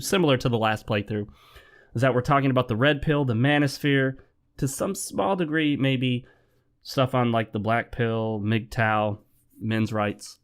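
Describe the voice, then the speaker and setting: A man talking through a video game in a loose, chatty way, with an ordinary mid-range voice. He drifts between musing and frustrated rants at the game's controls. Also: medium pitch. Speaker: gaming commentator. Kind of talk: let's play commentary.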